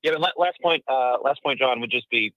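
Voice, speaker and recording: A male caller talks quickly but thoughtfully, with many fillers and restarts. His voice comes over a tinny, dry phone line. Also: medium pitch, no room sound. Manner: thoughtful, hesitant, full of fillers. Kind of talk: casual chat.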